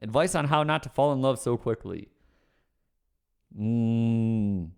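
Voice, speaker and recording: A man's voice: medium pitch, slow pace, darkish tone, clean tone. A man on a livestream chatting casually with viewers, ranting, swearing and then apologizing with a laugh. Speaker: streamer answering chat questions.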